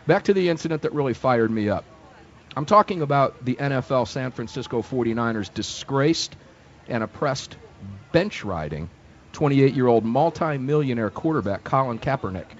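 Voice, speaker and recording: A man's voice: mid-range voice, big pitch swings, moderate pace, highs cut off. A man hosting a live talk radio show from a fair booth, speaking in an emphatic, indignant, opinionated way.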